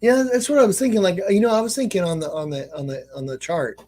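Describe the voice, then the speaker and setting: A man hosting a casual live stream, thinking aloud in a halting way with many restarts. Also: high-pitched, steady tone, a little mellow.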